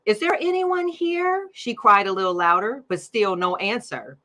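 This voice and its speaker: A woman's voice: medium pitch, pushed and bright. A middle-aged woman hosting her own show, talking in an upbeat, chatty way and laughing often. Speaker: podcast host. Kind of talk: casual livestream chat.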